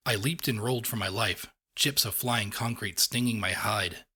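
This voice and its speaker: Male fan-fiction reader, husky, steady and dry. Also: lowish voice, moderate pace. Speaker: audiobook reader. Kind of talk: first-person fan-fiction narration.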